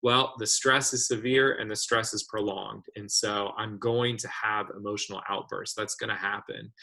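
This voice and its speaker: A man leads an online community discussion with a low voice that still sounds crisp and forceful. He speaks thoughtfully, pausing on fillers and restarting phrases. He is heard through a video call. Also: flat delivery, poor audio. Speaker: webinar host.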